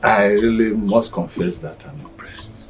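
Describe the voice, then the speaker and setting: Actor playing a genial uncle. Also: male voice, lowish voice, measured pace, slight background noise. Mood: pleased. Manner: genial, chuckling. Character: pleased middle-aged uncle blessing a marriage. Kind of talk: film drama acting.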